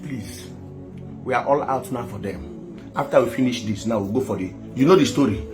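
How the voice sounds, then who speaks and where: A man's voice: medium pitch, normal speed, music in the background. A Nigerian man making an impassioned online appeal to viewers, pleading and repeating himself with emphasis. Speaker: activist addressing viewers.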